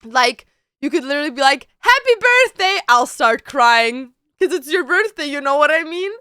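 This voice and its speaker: A woman streamer chatting casually to her viewers at home, expressive and slangy, full of "like". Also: high-pitched, normal speed, no echo, clean studio sound. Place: home bedroom.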